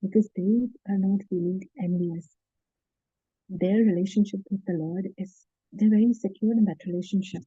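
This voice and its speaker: A woman's voice: mid-range voice, fairly even intonation, moderate pace, slightly rough, no room sound, highs cut off. A woman giving an earnest devotional talk, retelling scripture stories with many fillers and restarts. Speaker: devotional speaker.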